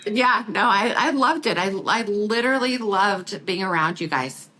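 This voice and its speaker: Animated middle-aged woman, laughing storyteller. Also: mid-range voice, normal speed, poor audio. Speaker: podcast guest. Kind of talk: casual chat.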